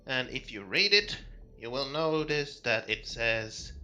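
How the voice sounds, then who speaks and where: A man narrating as game master, pausing and searching for words as he goes. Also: medium pitch, lively intonation, pushed and bright, faint music behind.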